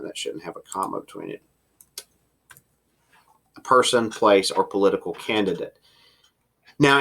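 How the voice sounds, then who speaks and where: A man teaching a writing class in a recorded lecture, explaining step by step, slowing down for emphasis and sometimes pausing on fillers. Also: deep voice, fairly bright tone. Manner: explanatory, varies pace for emphasis, occasional fillers.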